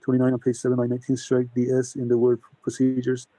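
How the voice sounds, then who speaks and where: A man reading a long list of technical amendments into the record for a council, steady and methodical. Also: medium pitch, fast, no room sound, poor audio.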